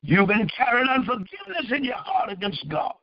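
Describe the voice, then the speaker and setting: A man's voice: very high-pitched, big pitch swings, fairly quick, no room sound, dull audio. A man preaching and praying as pastor, with fervent pleading questions. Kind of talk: sermon and prayer.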